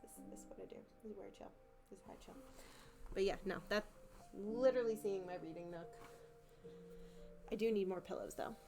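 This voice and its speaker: A woman's voice: mid-range voice, a little fast, long pauses. A young woman chatting casually on a live art stream at home, self-mocking and prone to repeating herself. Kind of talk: casual live-stream chat while painting. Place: home living room. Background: soft music playing.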